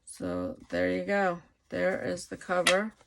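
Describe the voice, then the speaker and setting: A woman hosting a casual craft tutorial, thinking aloud as she works, her voice going hoarse. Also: fairly low pitch, little pitch movement, background noise. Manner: unhurried, thinking aloud while working. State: losing her voice. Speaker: crafting channel host.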